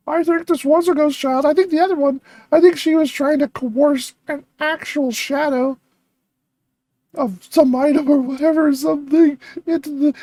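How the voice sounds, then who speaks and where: A woman hosting a reaction video, thinking aloud with excitable chatter and frequent laughs. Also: high-pitched, normal speed, no echo.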